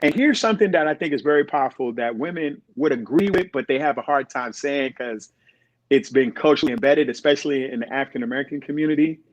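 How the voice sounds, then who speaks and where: A man's voice: medium pitch, fast talker, no echo. A middle-aged man, a podcast guest, telling stories in conversation and acting out the voices of people he quotes. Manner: animated, acts out quoted voices. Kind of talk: storytelling in conversation. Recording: dull, dry recording.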